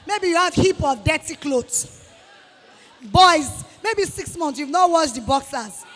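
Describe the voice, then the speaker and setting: Taking it slowly, a Nigerian-accented guest speaker lectures students in a high, bright voice, scolding them with lively energy and acting out the people she quotes. The motivational talk echoes through a large hall with a long reverb tail, over slight background noise.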